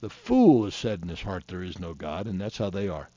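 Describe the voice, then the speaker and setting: A man's voice: low voice, sing-song, a little fast, mellow, dry recording. Impassioned preacher man in his fifties. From Florida. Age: 50s. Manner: impassioned, folksy, heated. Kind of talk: fiery sermon. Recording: dull, dry lo-fi recording.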